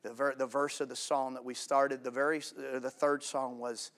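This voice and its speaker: A male pastor preaching a sermon to a congregation, swinging from loud emphatic declarations to hushed quiet lines, with casual asides to the room. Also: medium pitch, little pitch movement, normal speed.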